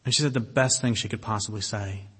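A man's voice: fairly low pitch, fairly even intonation, fairly bright tone, husky. Blunt sardonic man lecturing in a hall. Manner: blunt, sardonic, emphatic, with long deliberate pauses. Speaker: speaker giving a public talk. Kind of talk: impassioned lecture to an audience. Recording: long reverb of a hall.

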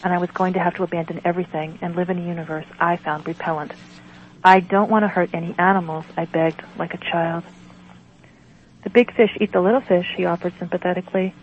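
A woman with a rather low voice reads her own writing in a measured, earnest manner. The sound is dull and lo-fi, with a faint hiss underneath. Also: fairly even intonation. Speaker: author and guest. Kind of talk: reading aloud, then interview answers.

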